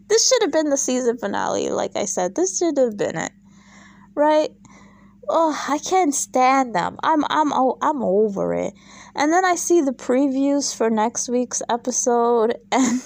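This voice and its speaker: Woman ranting casually about a reality show, kinda high voice, rambly and fed up. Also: expressive, a little slow, creaky, dry recording. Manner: chatty, exasperated, lots of fillers and asides. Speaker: reality TV recap vlogger. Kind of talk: casual opinionated recap.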